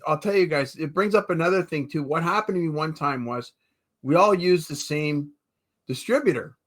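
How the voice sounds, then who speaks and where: A man's voice: fairly high pitch, moderate pace, a bit bright. A man guesting on a podcast, telling stories in a chatty way and tagging sentences with "eh" and "right". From Canada. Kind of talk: casual storytelling chat.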